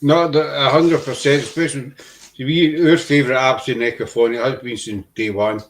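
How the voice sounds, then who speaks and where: A man's voice: mid-range voice, steady tone, normal speed, slight background noise. Rambling man hosting. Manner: rambling, repeats himself. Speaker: podcast host. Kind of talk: casual chat.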